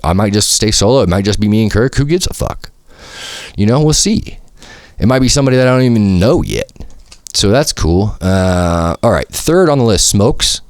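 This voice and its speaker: A man's voice: lowish voice, no echo, clean studio sound. A man hosting a podcast on his own, rambling in casual slang with lots of swearing and filler words. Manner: rambling, slangy and profane, lots of "like" and "you feel me". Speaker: podcast host. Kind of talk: casual solo podcast monologue. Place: home studio.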